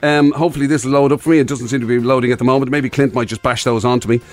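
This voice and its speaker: A man's voice: mid-range voice, very fast. An Irish man co-hosting a morning radio show, chatting casually and reading out listener messages. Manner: relaxed, reads out listener messages. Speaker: radio co-host.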